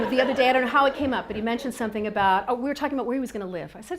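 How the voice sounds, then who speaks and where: A middle-aged woman telling a wry, animated personal story about parenting, often laughing as she talks. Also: on the high side, rapid-fire, heavy background noise.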